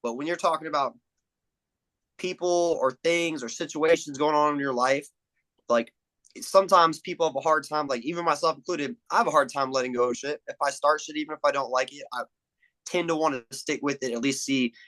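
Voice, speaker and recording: A man's voice: on the high side, brisk, a bit bright, rough recording. A young man in casual podcast chat, swearing freely and acting out movie lines. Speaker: podcast guest.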